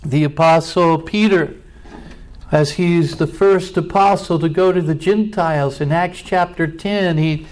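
A man's voice: high-pitched, rough recording. A male preacher giving a sermon in a folksy way, drawing out words for emphasis. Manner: folksy, drawn-out emphatic phrasing.

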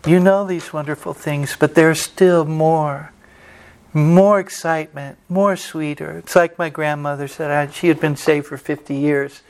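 A man's voice: a little high, fairly even intonation, a little slow, a little mellow, clean tone. A man preaching a sermon as pastor, telling folksy stories with quoted dialogue and closing in prayer.

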